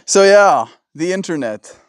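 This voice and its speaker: A man's voice: high voice, lively intonation, a little slow, dry recording, clean studio sound. Exasperated man ranting on a livestream. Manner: exasperated, rambling rant. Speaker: livestream host. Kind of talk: casual livestream chat. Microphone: phone in vertical livestream.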